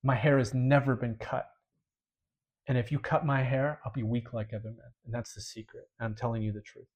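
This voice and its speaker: A man's voice: mid-range voice, little pitch movement, moderate pace, darkish tone, lightly acted. A man playing an exasperated biblical strongman. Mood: worn down. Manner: exasperated, sighing complaints. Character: weary strongman hero, exasperated and worn down.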